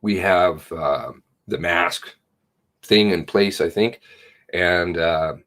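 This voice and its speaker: With a deep, slightly bright voice and a slow delivery, a Canadian livestream host greets his chat viewers by name. His casual commentary turns into indignant ranting.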